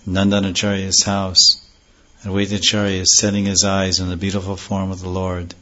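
A man giving a devotional scripture lecture, slowly chanting verses and then explaining them earnestly, on a dull lo-fi recording. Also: deep voice, monotone, sharp tone. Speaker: spiritual teacher.

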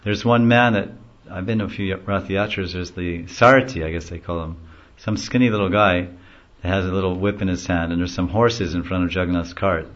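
A low-voiced man delivers a devotional class lecture, telling stories in a loose, conversational, rambling style. He speaks briskly with few pauses, and the recording sounds dull and lo-fi.

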